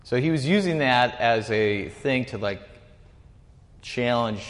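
A man's voice: mid-range voice, animated, takes it slowly, in a large hall. A man, likely a pastor, giving an informal, rambling teaching talk to a group, often correcting himself mid-sentence. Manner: rambling, self-correcting, chatty with asides.

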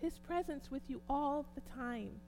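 A woman preaching a sermon and reading scripture aloud, moving from hushed tones to loud shouts. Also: high-pitched, a little slow, a little hiss or hum, low-quality recording. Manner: passionate, swings from hushed to shouting.

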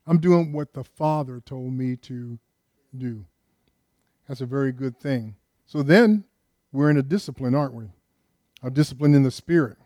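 A man's voice: fairly high pitch, moderate pace, darkish tone, no echo, studio quality. An older man preaching a sermon with emphasis, often putting questions to his congregation. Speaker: pastor.

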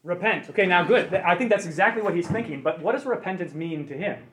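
High voiced guy teaching a bible class, chatty, keeps asking the group stuff. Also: lively intonation, fast talker, fairly bright tone. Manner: conversational, asks the group questions. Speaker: Bible study leader.

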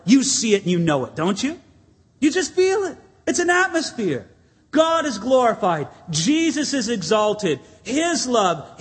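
A man preaching a sermon as pastor, animated and conversational, often asking the congregation questions. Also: sits high, slightly rough. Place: church sanctuary. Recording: long reverb of a church hall.

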